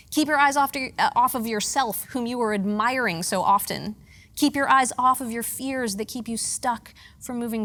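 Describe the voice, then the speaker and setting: Female preacher, 30s, from the Pittsburgh area; lively storyteller with a wry, self-deprecating streak. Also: on the high side. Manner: lively, self-mocking humor with earnest hushed moments. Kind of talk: storytelling sermon.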